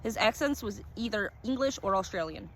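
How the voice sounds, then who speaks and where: A woman narrating a first-person short story in a calm, descriptive reading manner. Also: medium pitch, fairly quick, slight background noise.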